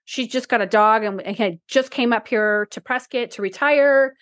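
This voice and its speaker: A woman's voice: on the high side, moderate pace, fairly bright tone, no echo. A woman co-hosting a casual podcast, talking in a rambling, emotional way with many restarts, her voice teary and close to crying. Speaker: podcast co-host.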